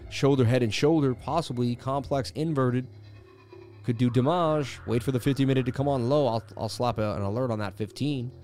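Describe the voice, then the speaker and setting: A man's voice: mid-range voice, a little fast, darkish tone, soft background music. A man hosting a live crypto chart stream, chatting casually and joking with viewers in slangy speech. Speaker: crypto chart analysis livestream host. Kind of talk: casual live market commentary.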